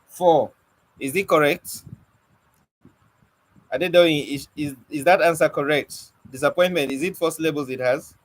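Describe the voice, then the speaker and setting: A man's voice: a little high, moderate pace, pauses often, rough recording. A young man teaching an online poetry lesson, coaxing and questioning his students with light teasing. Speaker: poetry mentor.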